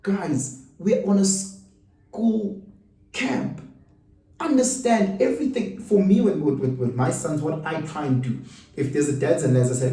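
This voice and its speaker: A middle-aged South African man giving an animated, rhetorical monologue. He asks questions and repeats himself for emphasis. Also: on the high side, unhurried. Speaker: host. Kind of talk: casual monologue. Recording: roomy room, mic at a distance.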